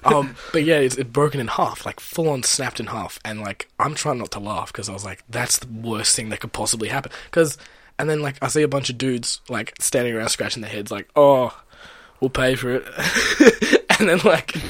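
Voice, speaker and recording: A man's voice: medium pitch, expressive, moderate pace, fairly bright tone, slightly rough, no room sound. A man casually telling a party story, acting out the lines of others with lots of laughing. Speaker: storyteller guest. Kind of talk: casual chat.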